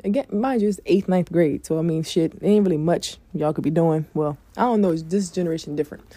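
A woman talks straight to her viewers in a loose, candid storytelling way and curses freely. Her voice sits a little low and sounds very dark and mellow. The recording is close and dry, with no room sound. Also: brisk, no echo. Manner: candid and chatty, swears freely. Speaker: vlogger giving dating advice. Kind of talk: casual storytelling to camera.

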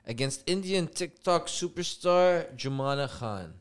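A man's voice: fairly high pitch, lively intonation, unhurried. A man hosting a casual podcast chat, laid-back and slangy, reacting to clips with his friends. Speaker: podcast host.

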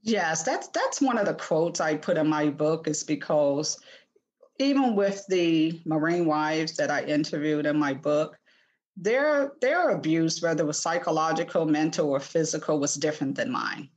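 A woman's voice: low voice, lively intonation, moderate pace. A woman in her sixties, a guest author speaking earnestly in an interview, often restarting her sentences. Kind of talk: podcast interview.

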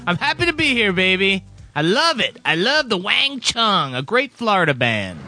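A man's voice: high voice, sing-song, moderate pace, pushed and bright. A man co-hosting a casual podcast as a music critic, joking and playful, breaking into sung lines and silly voices. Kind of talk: casual radio podcast chat.

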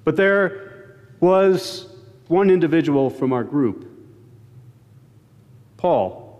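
A man's voice: on the high side, expressive, very slow, darkish tone, muffled recording. A male pastor preaching a sermon, moving from an earnest prayer into plain storytelling. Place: church sanctuary. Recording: long church reverb.

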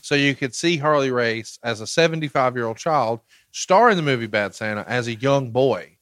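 Deadpan podcast host guy, joking around, dry close sound. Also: mid-range voice, moderate pace, no room sound. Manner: dry, joking, reads sponsor ads. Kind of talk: casual podcast chat.

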